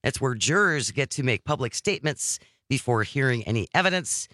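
A man's voice: medium pitch, lively intonation, a little fast, pushed and bright, dry recording. A man hosting a live political talk radio show from a studio, reading listener texts and news in a wry, conversational way. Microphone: studio microphone.

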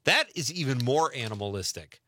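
Lively, animated male radio host. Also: medium pitch, brisk. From Wisconsin. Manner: chatty, laughs often, reads out listener messages. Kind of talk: casual call-in show chat.

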